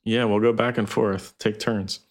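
Man, very low voice, matter-of-fact, rambling, gaming podcast co-host. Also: little pitch movement, measured pace, slight background noise. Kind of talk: casual gaming podcast chat.

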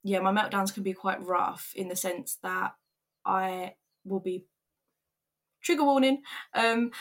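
A woman's voice: mid-range voice, a bit bright. Young adult woman, earnest, emotional, candid vlog narration. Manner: candid, earnest, emotional retelling with quoted voices. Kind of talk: personal storytelling vlog.

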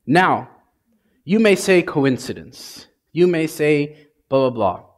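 A man's voice: on the high side, big pitch swings, slow pace. A man, a priest, giving a conversational sermon and acting out prayers in everyday speech.

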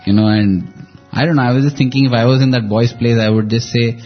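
A man's voice: mid-range voice, fairly even intonation, quick pace. A man, co-hosting a devotional radio talk and recalling stories in a reflective storytelling manner with frequent laughs. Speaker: radio show co-host. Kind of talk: conversational devotional reminiscence. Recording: dull lo-fi with faint music.

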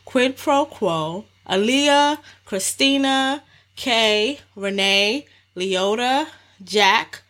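A woman co-hosting a podcast in casual chat, upbeat and quick to laugh, reading out supporter names. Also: fairly high pitch, lively intonation, fairly bright tone. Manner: upbeat, laughs often, reads listener names. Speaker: podcast co-host.

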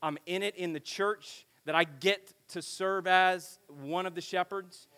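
A middle-aged man preaching to teenagers at a camp in a lively, joking way, acting out talks with his kids. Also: high-pitched, a little slow, smooth. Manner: animated, joking, acts out family dialogue. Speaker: pastor speaking at a youth camp. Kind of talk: energetic sermon to teenagers.

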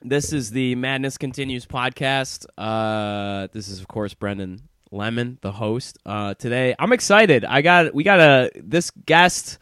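A man's voice: mid-range voice, a little slow, few pauses, fairly bright tone, clean tone, no echo, clean studio sound. A man hosting a podcast, chatting casually and laughing often as he introduces his guest. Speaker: podcast host. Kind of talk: casual interview chat.

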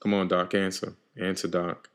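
A man's voice: low voice, completely flat delivery, moderate pace, a bit bright. A man co-hosting a podcast, playing it blunt and profane in an improvised comedy sketch. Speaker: podcast co-host.

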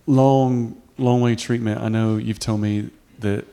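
A man serving as pastor, gently inviting the congregation up and leading a repetitive, earnest prayer. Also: mid-range voice, fairly even intonation, slow, vocal fry, clear, resonant tone.

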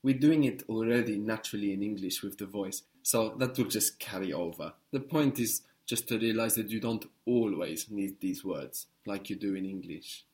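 A man teaching a language lesson, patiently prompting a student step by step with steady encouragement. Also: on the low side, normal speed, few pauses.

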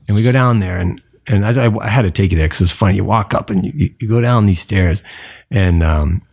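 A man's voice: on the low side, brisk, gravelly, a little mellow, slightly rough. A man from the US East Coast, a podcast guest telling stories in casual chat, swearing freely and acting out voices.

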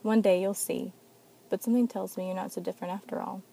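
A woman voicing a cool, teasing male stranger with fangs, speaking with quiet menace. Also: medium pitch, fairly even intonation, quick pace, creaky. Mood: sly menace. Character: sly fanged man, cool and menacing.

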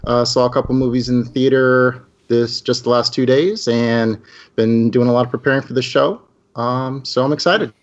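A man's voice: mid-range voice, fairly even intonation, normal speed, muffled recording. A man with Minnesota roots living in the American South, chatting easily as a podcast guest. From Minnesota roots, lives in South Carolina. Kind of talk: casual chat.

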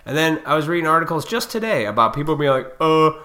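A man with a bright, forceful voice rants straight at his audience. He is blunt and profane, and he lectures them with heated intensity. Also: on the high side, very animated, fast. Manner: heated, fired up. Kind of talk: ranting monologue to viewers.

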